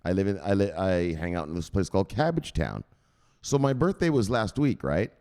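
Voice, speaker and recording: A low-voiced man hosts a crypto news show in a loose, profane commentary style. His pitch jumps around animatedly as he gets excited, and he keeps hammering his points home with a punchy "bang." He sounds casual and worked-up rather than scripted. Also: moderate pace. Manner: excitable, swears freely, punctuates points with "bang".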